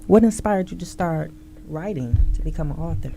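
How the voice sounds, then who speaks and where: A male interview host asking questions in a casual, emphatic, animated way and reacting readily. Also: on the high side, normal speed, vocal fry, a little hiss or hum.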